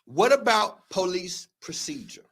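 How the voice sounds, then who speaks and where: A man's voice: high-pitched, sing-song, unhurried, a bit bright. A man hosting a livestream commentary, talking in a heated, profane, emphatic way and often repeating his words. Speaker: show host.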